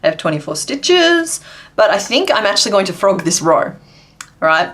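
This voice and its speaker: A woman's voice: medium pitch, big pitch swings, moderate pace, a bit bright. Chatty woman hosting a crochet stream. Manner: chatty, answers chat and makes puns while working. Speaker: crochet livestream host. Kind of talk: casual livestream chat while crocheting.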